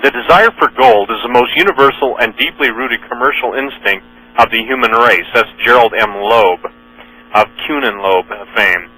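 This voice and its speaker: A man's voice: mid-range voice, normal speed, bright, forceful tone, poor audio. A man hosting a radio talk show, reading news items and quotes aloud in an earnest manner, often correcting himself mid-sentence. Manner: earnest, with frequent fillers and self-corrections.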